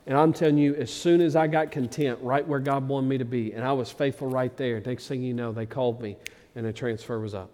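A man preaching a sermon as pastor, moving from loud emphatic passages to low quiet ones. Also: steady tone, a little fast, in a large hall. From Arkansas, USA.

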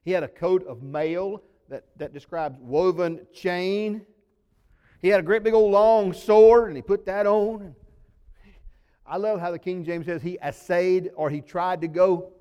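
A male pastor, preaching a sermon as folksy storytelling that swings between loud emphasis and sudden low drops. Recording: long reverb of a large hall.

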